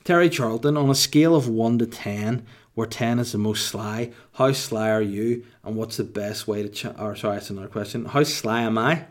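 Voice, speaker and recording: A man's voice: on the low side, moderate pace. Joking Northern Irish man. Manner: mock-boastful, deadpan joking banter. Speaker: host answering listener questions. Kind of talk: casual comedic Q&A chat.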